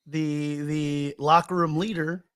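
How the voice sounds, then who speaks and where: A man's voice: on the high side, steady tone, takes it slowly, fairly bright tone, clear, resonant tone. A man co-hosting a podcast in casual chat, loose and joking, often restarting his sentences. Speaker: podcast co-host.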